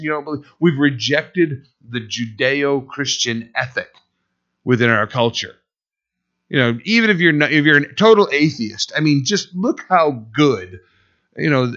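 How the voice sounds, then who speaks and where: A man's voice: mid-range voice, a bit bright. Man, pastor preaching casually, slightly muffled lo-fi sound. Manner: conversational preaching, frequent "you know" fillers. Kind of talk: sermon.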